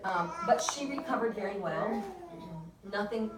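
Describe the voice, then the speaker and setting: A woman midwife, medium-pitched and animated, speaks a touch slowly while sharing a birth story with colleagues, laughing frequently in this casual peer-review setting. The audio is distant, echoey and noisy.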